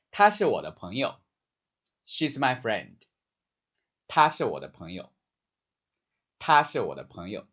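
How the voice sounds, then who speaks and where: A man giving a scripted pronunciation lesson, speaking slowly and clearly and drawing out the vowels he demonstrates. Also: medium pitch, fairly bright tone. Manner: slow, clear demonstrative speech with drawn-out vowels. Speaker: language teacher.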